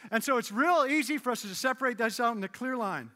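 A man preaching a sermon as pastor, conversational and joking, then dropping into low solemn emphasis. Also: fast, hardly any pauses, bright, forceful tone, long reverb tail. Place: church hall with audience.

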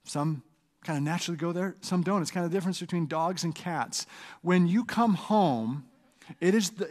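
A man preaching a sermon as pastor, conversational and animated, with asides to the congregation. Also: on the high side. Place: church sanctuary. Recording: long hall reverb.

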